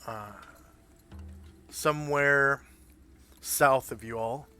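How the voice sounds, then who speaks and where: Male tabletop game master, unhurried improvised narration, crisp and bright tone. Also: medium pitch, soft background music. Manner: unhurried, descriptive, loosely improvised.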